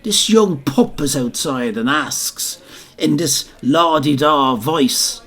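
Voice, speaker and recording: A man's voice: a little high, expressive, slow pace, fairly bright tone, exaggerated voice. An actor playing an older Dublin man who tells a rambling, boastful pub story, with colloquial asides to his listeners. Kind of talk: theatrical comic monologue.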